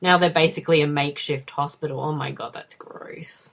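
A woman's voice: low-pitched, steady tone, a little fast. A woman giving casual commentary over a film, wry and swearing, slipping into muttered asides. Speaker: movie watch-along co-host.

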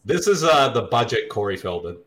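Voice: mid-range voice, sing-song, a little fast, a bit bright. A podcast co-host chatting casually during a movie watch, giggling often and slipping into playful bits. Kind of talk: casual movie commentary chat.

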